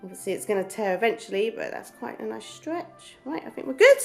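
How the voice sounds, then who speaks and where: A woman's voice: fairly high pitch, big pitch swings, a little fast, gravelly, faint music behind. A woman hosting a home cooking lesson, explaining each step in a chatty, encouraging way. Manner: encouraging, chatty, gets out of breath while kneading. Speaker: cooking show host.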